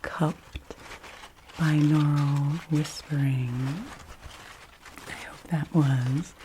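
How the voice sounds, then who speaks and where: A woman making an ASMR video, speaking in a soft, affirming whisper into a binaural mic and moving between the ears. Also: low-pitched, fairly even intonation, extremely slow, a little hiss or hum. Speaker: ASMR creator.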